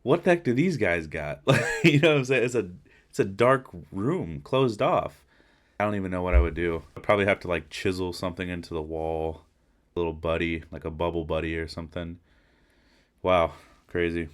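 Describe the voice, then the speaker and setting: A podcast host with a very low voice gives a laid-back reaction to a video. He rambles in slang and drifts off on tangents. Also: fairly quick. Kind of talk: casual reaction commentary.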